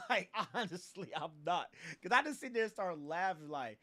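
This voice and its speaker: A man's voice: high-pitched, expressive, normal speed, a bit bright. A young man hosting a livestream, ranting in a casual, profane way with laughs and repeated filler phrases. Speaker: livestream host.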